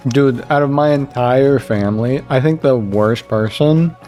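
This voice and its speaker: A young man chatting casually while streaming a game, rambling and animated, jumping high when he quotes other people. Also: unhurried, faint music behind.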